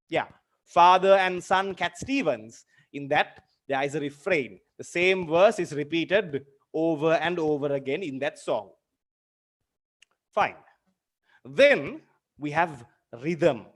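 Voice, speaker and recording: Speaking a little high with a somewhat bright tone, a man teaches a literature lesson as an online lecture. He clarifies terms by going over examples repeatedly and asks his students direct questions.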